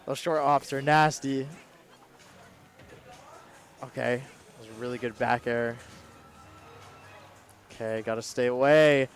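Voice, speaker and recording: A man's voice: medium pitch, steady tone, slow, pauses often, soft background music. A young man doing playful, joking live commentary on a fighting game match. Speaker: esports co-commentator.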